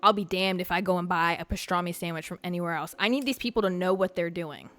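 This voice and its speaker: Brash, excitable woman podcast host. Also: on the low side, quick pace, no echo, faint music behind. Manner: brash, excitable, swears freely. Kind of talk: casual chat with live chat.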